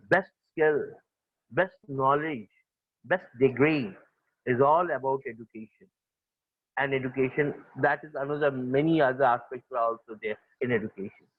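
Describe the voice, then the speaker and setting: A man's voice: a little high, dry recording, narrow, tinny audio. A man with an Indian accent teaching a school class, switching between English and Hindi and repeating key phrases. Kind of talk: classroom lecture.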